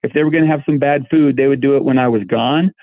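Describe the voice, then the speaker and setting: A man's voice: medium pitch, quick pace. A middle-aged man speaking as a guest in a casual interview, earnest and given to restarting his words. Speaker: volunteer guest. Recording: tinny phone-like line.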